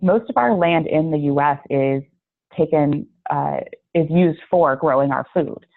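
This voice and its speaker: Woman trainer, low voice, chatty with fillers, thin phone-like audio. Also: a little slow, vocal fry. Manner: friendly, chatty, with many fillers. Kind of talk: online training presentation. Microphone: video call. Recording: tinny phone-like call audio.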